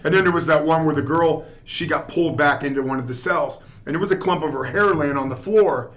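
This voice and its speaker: A man, a guest actor, telling a story in a relaxed, rambling way on a podcast. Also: on the high side, fairly quick. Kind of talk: casual storytelling chat.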